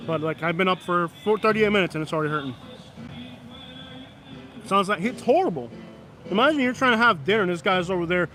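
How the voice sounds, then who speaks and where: A man's voice: sits high, expressive, brisk, pushed and bright, faint music behind. A man, chatting casually and rambling to his viewers on a live stream from a downtown street at night, filmed on a camera stand.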